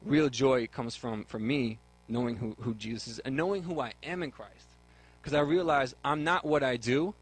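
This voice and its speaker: A man's voice: mid-range voice, moderate pace, husky, low-quality recording. Earnest young man sharing his faith. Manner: earnest, repeats words when starting a thought. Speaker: guest sharing his testimony. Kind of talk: earnest faith testimony on talk radio.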